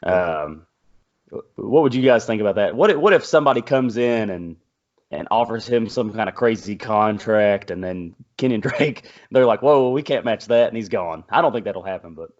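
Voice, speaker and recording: A man's voice: lowish voice, lively intonation, normal speed, highs cut off. A man moderating a casual sports podcast, laid-back and running through his notes conversationally.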